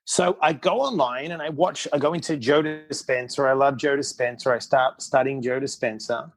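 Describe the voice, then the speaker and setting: A middle-aged man speaking as a podcast guest, with a voice of ordinary pitch. He tells his story in a blunt, candid, unpolished way. He acts out other people's quoted words as he goes. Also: fairly even intonation, moderate pace, faint music behind. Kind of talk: casual storytelling interview.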